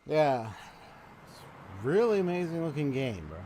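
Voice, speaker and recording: A man giving casual live commentary on a game, excitable and slangy, sometimes reading tutorial text aloud. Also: fairly high pitch, unhurried, a little hiss or hum. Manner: excitable, slangy, says bro and dude. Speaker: gaming streamer.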